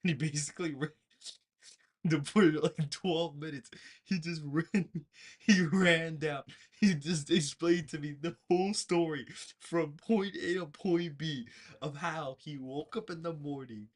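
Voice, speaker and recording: A man's voice: on the high side, measured pace. A man hosting a political livestream, talking casually and rambling through a story with frequent restarts. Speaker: political show host. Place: bedroom.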